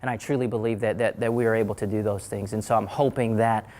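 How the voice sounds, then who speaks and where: A middle-aged man with an Oklahoma accent, telling his own story to an audience, animated and repeating key phrases for emphasis. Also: fairly low pitch, fast, noisy background.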